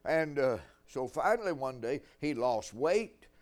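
A man's voice: medium pitch, animated, a little slow, soft background music. An older man preaching a sermon, telling folksy stories with dry humor.

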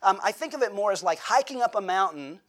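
A man's voice: high voice, lively intonation, quick pace, fairly bright tone. A middle-aged American man preaching a sermon as pastor, talking to his congregation in a conversational way, asking rhetorical questions and acting out quotes.

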